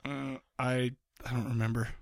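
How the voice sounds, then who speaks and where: A man co-hosting a podcast in casual chat, rambling with many restarts and fillers, excitable and quick to laugh. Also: mid-range voice, vocal fry, dry recording, studio quality. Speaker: podcast co-host.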